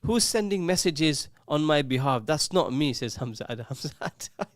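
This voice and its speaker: A man's voice: on the high side, animated, moderate pace, no echo, studio quality. Jokey man hosting call-in radio. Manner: jokey, teasing, reads out listener messages. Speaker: radio show host. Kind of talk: casual call-in radio chat. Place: radio studio.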